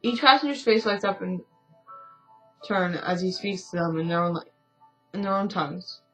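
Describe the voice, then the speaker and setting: A woman's voice: on the low side, normal speed, soft background music, rough recording. A woman streaming a story game, reading its narration aloud with casual, self-deprecating asides. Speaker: let's-play streamer.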